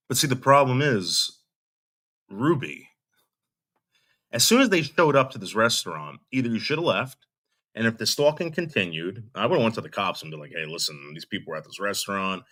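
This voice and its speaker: A man's voice: mid-range voice, big pitch swings, normal speed, pauses often, bright, forceful tone. A man giving blunt, scornful commentary on a clip and addressing its subject directly. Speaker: commentary streamer reacting to a clip. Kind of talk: reaction commentary.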